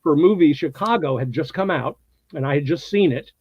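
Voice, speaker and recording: A man in his sixties from the United States, an actor telling anecdotes in a casual interview, animated and laughing often, acting out what people said. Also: on the high side, brisk, husky, dry recording, dull audio. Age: 60s. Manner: animated storyteller, acts out quotes, laughs often.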